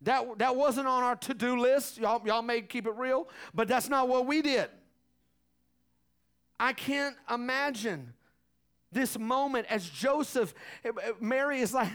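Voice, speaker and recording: A middle-aged man preaching a sermon, telling stories in an animated way with laughs and acted-out voices. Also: extremely high pitch, moderate pace. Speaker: pastor.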